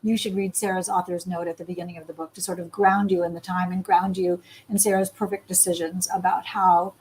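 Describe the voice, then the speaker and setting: A woman's voice: fairly low pitch, flat delivery, fairly quick, darkish tone, a little hiss or hum, poor audio. A woman interviewing an author in a live online chat, enthusiastic and effusive. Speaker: interviewer, host.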